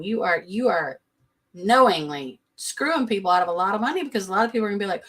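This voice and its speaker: A woman's voice: medium pitch, very animated, a bit bright, husky. Sassy woman recapping reality TV. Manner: sassy, blunt, quick to laugh. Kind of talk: casual live-stream commentary.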